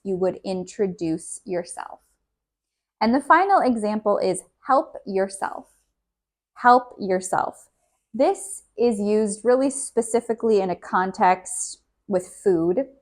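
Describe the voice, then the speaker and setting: Woman teaching english real slow, says each example twice, mid-pitched voice. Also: animated, a little mellow. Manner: repeats each example sentence slowly for learners. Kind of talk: slow, clear English lesson.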